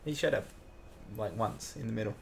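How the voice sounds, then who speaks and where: A man's voice: on the low side, brisk, creaky. A man co-hosting a podcast, giving dry, blunt opinions in casual chat. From Australia. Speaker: podcast co-host.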